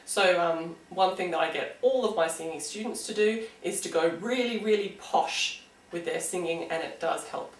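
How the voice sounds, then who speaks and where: A woman's voice: lowish voice, normal speed, roomy sound, far from the mic, rough recording. An Australian woman giving a casual singing lesson, chatty and encouraging, with frequent "um"s. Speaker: singing teacher.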